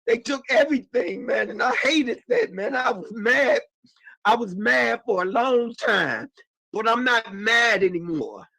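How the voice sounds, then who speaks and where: A man's voice: high voice, sharp tone, no room sound, low-quality recording. A man giving impassioned personal testimony, talking emotionally and repeating himself as he calls out to his listeners. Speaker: panelist sharing personal testimony.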